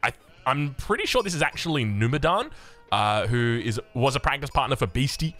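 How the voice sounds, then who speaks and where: A man's voice: mid-range voice, fairly quick. Hyped Australian man casting a game. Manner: energetic, hyped, jokey. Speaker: game caster. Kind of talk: esports play-by-play commentary.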